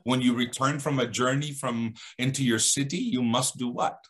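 A man's voice: steady tone, normal speed. A man telling a religious story dramatically, acting out the characters' dialogue. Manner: dramatic, acts out dialogue with shifting pitch.

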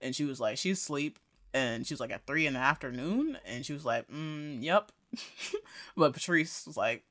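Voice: mid-range voice, animated, moderate pace, fairly bright tone. A podcast co-host casually recapping a TV episode, quoting the characters and laughing often.

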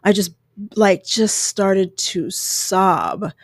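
A woman in her thirties speaks close to the microphone, telling a personal story candidly, with emotion and many restarts. Her voice sits at an ordinary middle pitch. The sound is dry and close, with no room echo. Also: expressive, very slow. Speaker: podcast host.

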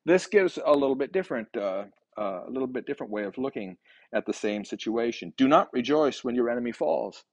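A man's voice: medium pitch, expressive, brisk, no room sound. A man giving a daily devotional Bible commentary in a conversational way, thinking aloud with fillers and restarts.

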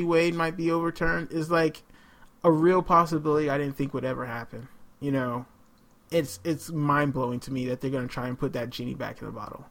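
A man in casual political chat, indignant and swearing, rising to loud outbursts. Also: on the high side.

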